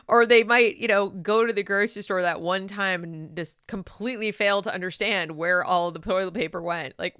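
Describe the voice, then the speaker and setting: A woman hosting an opinion commentary monologue, speaking in an animated, sarcastic way. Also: medium pitch, no echo, clean studio sound. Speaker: channel host.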